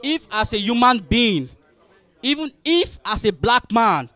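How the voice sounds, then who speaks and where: Agitated high-voiced man arguing. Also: big pitch swings, unhurried, sharp tone. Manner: agitated, interrupting, emphatic. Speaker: audience member challenging the speaker. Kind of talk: heated public argument.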